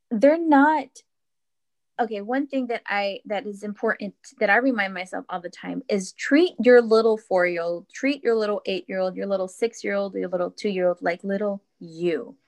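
A woman in her thirties speaks with an earnest, reflective warmth, telling a personal story in an easy conversational way. She restarts and repeats words often as she gathers her thoughts, and her pitch sits in an ordinary middle range. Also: moderate pace. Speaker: podcast guest.

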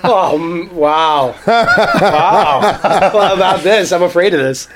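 A man's voice: high-pitched, lively intonation, slow pace, very noisy. A man on a podcast, teasing and laughing in casual banter.

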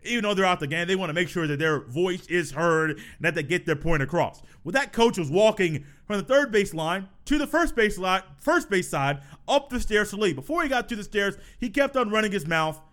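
High-voiced chatty sports podcast man. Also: expressive, fairly quick, few pauses, a bit bright. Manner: chatty storytelling, laughs and repeats himself. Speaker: podcast host. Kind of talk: casual solo sports podcast talk.

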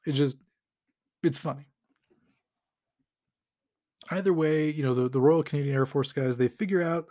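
A man's voice: on the high side, normal speed, pauses often, dark tone. Laid-back man rambling with chuckles. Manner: rambling and amused, chuckles often, heavy use of fillers. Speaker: podcast host recapping a comic. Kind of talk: casual chat.

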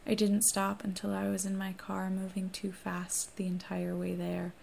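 A woman reading a first-person novel aloud in a hushed, steady narration that often drops to a whisper. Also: medium pitch, normal speed, vocal fry, a little hiss or hum. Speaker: audiobook reader.

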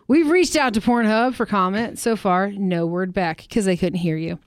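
A woman's voice: mid-range voice, normal speed, a little hiss or hum. A woman co-hosting a radio show, chatting casually in a wry, joking way. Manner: wry, chatty, laughs while reading. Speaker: radio co-host. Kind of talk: casual chat.

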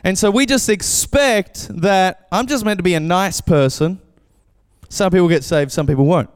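A man preaching a casual, animated sermon as pastor, acting out voices when he tells a story. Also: high-pitched, normal speed, clear, resonant tone, long reverb tail. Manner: animated, acts out voices in anecdotes. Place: church.

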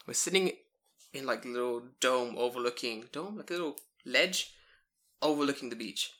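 A man telling stories in a casual podcast chat, animated and full of swearing. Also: mid-range voice, moderate pace. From English-speaking foreigner living in Japan.

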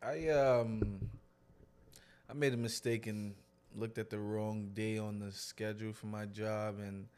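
A man's voice: lowish voice, little pitch movement, measured pace, darkish tone, clean tone. A man co-hosting a podcast in casual chat, laid-back and joking, often trailing off mid-thought. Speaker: podcast co-host.

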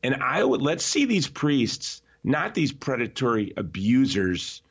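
A man talking as a podcast guest in an emphatic, animated way, often restarting his sentences. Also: mid-range voice, unhurried, husky. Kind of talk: conversational podcast interview. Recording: slightly dull, lo-fi audio.

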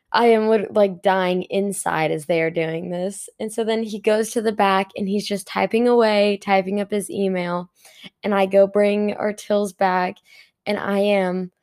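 A woman's voice: medium pitch, a little mellow. A young woman in casual storytime chat about a shift at her retail job, talking with lots of "like" and stifled giggles. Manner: chatty, giggly, full of "like" fillers. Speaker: retail worker telling a story.

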